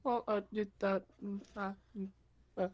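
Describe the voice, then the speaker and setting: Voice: mid-range voice, little pitch movement, moderate pace. A player in a tabletop game, joking around and making goofy in-character asides. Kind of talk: playing a tabletop game live.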